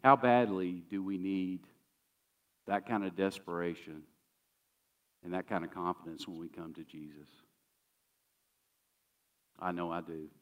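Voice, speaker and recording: A man's voice: low voice, fairly even intonation, unhurried, pauses often, recorded from a distance, lo-fi sound. A man pastor preaching a sermon in a conversational, emphatic way, often repeating key phrases.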